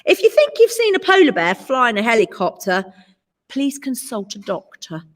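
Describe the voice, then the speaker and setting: A woman teacher with a British accent reading a picture book aloud in an expressive storytelling voice, adding asides to her listeners. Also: on the high side, normal speed, big-room sound. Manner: animated, adds asides to listeners.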